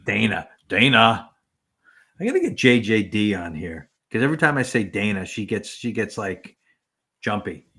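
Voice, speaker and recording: A man's voice: lowish voice, big pitch swings, moderate pace, sharp tone, husky. A man co-hosting a casual livestream, chatting easily and reading out viewer comments in a rambling way. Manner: easygoing, rambling. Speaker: livestream co-host.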